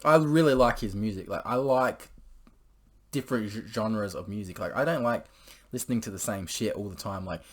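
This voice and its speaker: A man's voice: fairly low pitch, normal speed. A young man casually telling a story to camera, rambling and crude, full of swearing and filler words. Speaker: vlogger.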